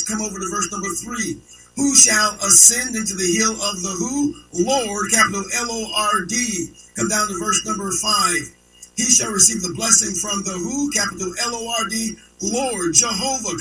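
A man's voice: high voice, distant mic, rough recording. A man preaching a sermon in an emphatic call-and-response style, quizzing the congregation and spelling words out letter by letter.

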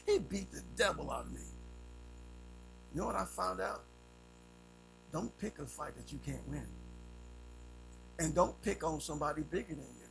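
Male preacher, high raspy-edged voice, animated storyteller, low music and hum under him. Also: normal speed, pauses often. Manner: storytelling with vivid sound effects, swings between loud and hushed. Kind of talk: sermon.

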